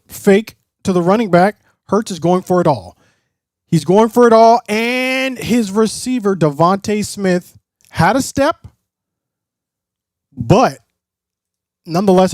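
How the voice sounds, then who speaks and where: A man's voice: high-pitched, a little mellow, dry recording, clean studio sound. A man streaming live play-by-play commentary, mixing broadcaster-style calls with casual asides to his chat.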